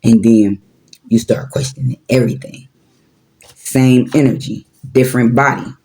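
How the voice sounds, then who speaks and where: A man's voice: mid-range voice, fairly even intonation, moderate pace, warm tone. A man in his forties giving a casual, preachy spiritual talk with slang and profanity, repeating his points. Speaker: spiritual vlogger.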